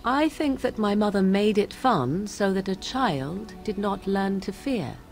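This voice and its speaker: An actress voices a young, aloof, sardonic witch in a video game, her mid-range delivery animated and unhurried over faint background music. She speaks in a cool, archaic, mocking way, full of wry amusement.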